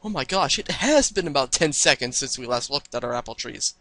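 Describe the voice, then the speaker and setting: A man's voice: mid-range voice, lively intonation, fairly quick, pushed and bright, rough recording. A man reading a cocky flying pony mare. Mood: indignant. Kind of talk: comedic fanfic reading.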